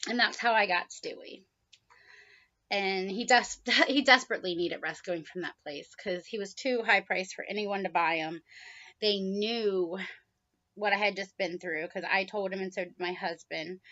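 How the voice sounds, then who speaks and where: Chatty woman telling a pet story. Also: dull audio. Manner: chatty, with frequent "um"s and soft laughs; high baby-talk voice when coaxing the bird. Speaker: vlogger, pet bird owner. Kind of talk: casual storytelling to camera.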